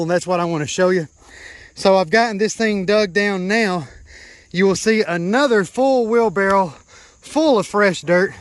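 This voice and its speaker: A man's voice: high voice, clear, resonant tone, dry recording. A man walking viewers step by step through a backyard build in casual, hands-on talk. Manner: explains step by step, points things out. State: out of breath at times. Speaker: DIY vlogger. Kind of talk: casual DIY build walkthrough. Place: outdoors in a backyard.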